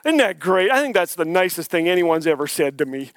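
A man's voice: high voice, sing-song, brisk, no room sound. An older man preaching a sermon as a guest speaker, telling jokes and folksy stories. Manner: folksy, joking storyteller. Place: church sanctuary.

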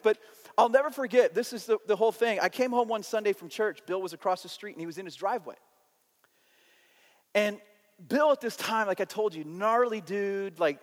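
A man preaches as a pastor, telling a story in a sermon. He is animated, swinging between lively and hushed delivery, with a fairly high voice. His words trail off into the long reverb of a large church hall.

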